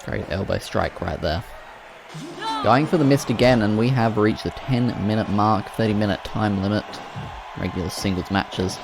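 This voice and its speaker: A man giving play-by-play commentary on wrestling matches, excitable and breaking into loud exclamations. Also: lowish voice, normal speed, creaky, background noise.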